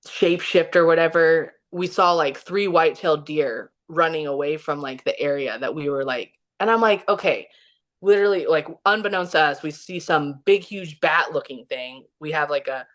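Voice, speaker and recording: Chatty woman guest, lowish voice. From Kansas City, Missouri. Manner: animated, many "like" fillers, laughs often. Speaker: podcast guest. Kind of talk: casual storytelling interview.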